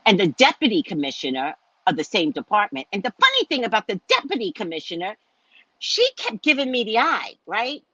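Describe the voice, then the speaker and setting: A woman's voice: mid-range voice, very animated, a little fast, bright, forceful tone, husky, no echo. A woman host and psychic reader telling a story in a casual, indignant, profane rant. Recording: dull lo-fi dry sound.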